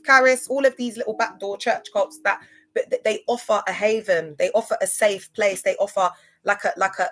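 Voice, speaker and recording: A young woman on a livestream, speaking emotionally and haltingly, often repeating herself. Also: medium pitch. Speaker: live stream host.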